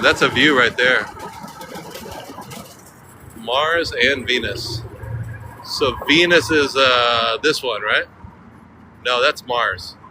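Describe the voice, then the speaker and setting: A man joking and chatting with viewers as he live-streams outdoors on a bridge, now and then breaking into a bit of song. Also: mid-range voice. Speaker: vlogger. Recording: outdoor street recording, noise behind.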